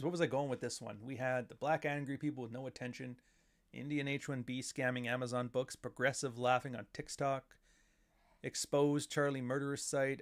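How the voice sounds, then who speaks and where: A man hosting a podcast, ranting in a casual, profane and sarcastic way. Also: medium pitch. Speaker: podcast host. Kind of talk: casual livestream rant.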